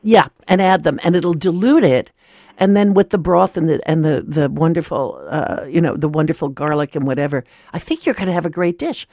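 A woman's voice: low-pitched, a little fast, no room sound, studio quality. A woman hosting a radio call-in cooking show, encouraging callers and laughing easily. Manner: warm laughter, encouraging, expressive.

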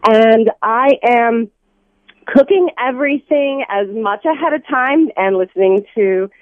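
A woman calling in to a radio show, chatty and excited. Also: on the high side, a little slow, dry recording. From Southern United States. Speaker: caller. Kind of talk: phone-in chat. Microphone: telephone. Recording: dull phone line.

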